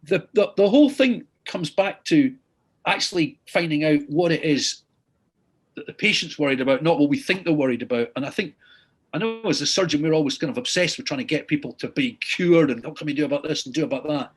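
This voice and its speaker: A middle-aged consultant surgeon lectures and earnestly retells patient stories, often repeating "I said" as he goes through his clinical anecdotes. His voice is fairly high, expressive and slightly rough, moving a little fast.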